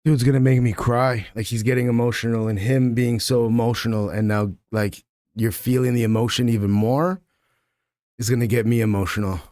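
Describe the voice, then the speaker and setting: A man hosting a reaction video speaks in a blunt, emotional way, tossing in casual asides. His voice sits at a middle pitch with a dry, close sound. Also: fairly even intonation, brisk, darkish tone, dry recording.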